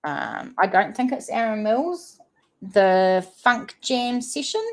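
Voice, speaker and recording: She sounds very animated yet speaks slowly, her voice on the high side and a little mellow. The Kiwi livestream host, with her New Zealand accent, reads viewer comments aloud during a casual chat.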